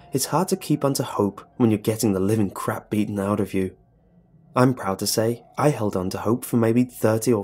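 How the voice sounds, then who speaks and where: A man's voice: fairly low pitch, a little mellow. A man narrating a comedic horror story in the first person, with dry comic asides. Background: faint music.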